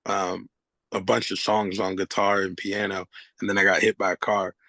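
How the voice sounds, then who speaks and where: Man, gravelly voice, fairly low, dry close sound, casual guest talk, swears freely. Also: moderate pace, dry recording. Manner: loose and expressive, swears, laughs often. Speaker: guest hip hop artist. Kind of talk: casual conversation.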